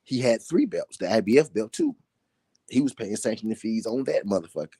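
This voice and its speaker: Deep dark-voiced man ranting about boxing. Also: sing-song, a little fast, slightly rough, no echo, studio quality. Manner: repetitive, emphatic, laughing between points. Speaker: boxing talk show host. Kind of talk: casual live commentary.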